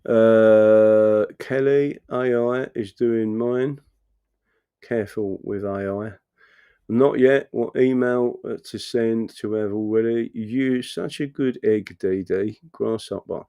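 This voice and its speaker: A man's voice: lowish voice, fairly even intonation, slow pace, mellow, clear, resonant tone, no echo, dull audio. A middle-aged man hosting a casual livestream, rambling and swearing as he chats to viewers and reads their comments. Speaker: livestream host reading chat.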